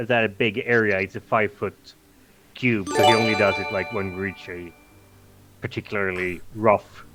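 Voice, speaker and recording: A man's voice: lowish voice, level tone, moderate pace, over loud music, poor audio. A man playing in a tabletop game, explaining his move in a casual, stammering way. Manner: stammering, restarts a lot. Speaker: player.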